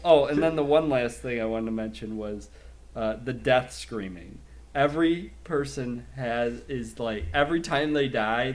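A man in easy, casual conversation with a mid-range voice. He laughs often and slips into mimicking voices for effect. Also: medium pitch. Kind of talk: casual chat.

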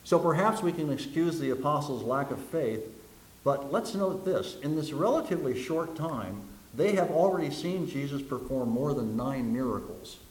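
A man's voice: fairly high pitch, expressive, moderate pace. Folksy preacher man in an echoey room. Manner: folksy storyteller, acts out voices in jokes. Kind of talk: sermon with jokes and stories.

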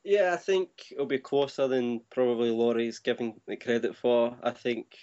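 Flat-voiced man, measured. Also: mid-range voice, lo-fi sound. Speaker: co-host. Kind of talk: casual podcast chat.

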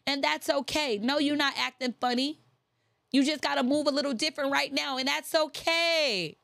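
A woman's voice: high-pitched, moderate pace, vocal fry, fairly bright tone, no echo. A woman giving a faith-based motivational talk, emphatic and repeating her key phrases. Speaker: motivational speaker.

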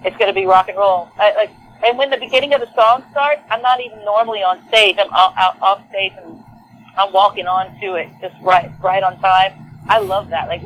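A woman with a Southern accent from Texas, a lead singer chatting as a guest in a casual interview, animated and full of fillers and restarts. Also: mid-range voice, brisk, slight background noise, rough recording. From Texas, USA.

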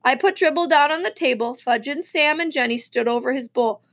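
A woman reading a children's novel aloud in a lively storybook manner. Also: high voice, fairly quick. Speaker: reader.

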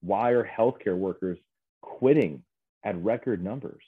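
A man with a very deep voice talks as an interview guest, earnest and halting. His voice comes through a tinny, phone-like line with a dry, close sound. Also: slightly rough, no echo. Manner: earnest, halting, many fillers. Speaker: guest, mental health specialist. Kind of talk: casual interview chat.

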